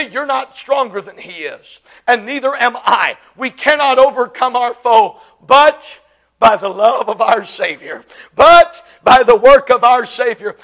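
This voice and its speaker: A woman preaching a sermon, impassioned and emphatic, swinging from loud declarations to hushed lines. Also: fairly high pitch.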